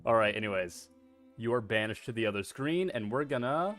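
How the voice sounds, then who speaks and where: A man's voice: mid-range voice, animated, fairly quick, fairly bright tone, faint music behind. A man streaming a video game, chatting casually in a rambling, self-deprecating way and swearing freely. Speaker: VTuber streamer.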